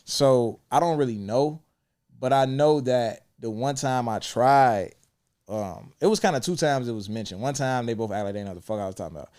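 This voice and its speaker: A man's voice: medium pitch, moderate pace, a little mellow. A young man hosting a podcast, talking candidly and reflectively with frequent swearing. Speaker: podcast host. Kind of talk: casual chat.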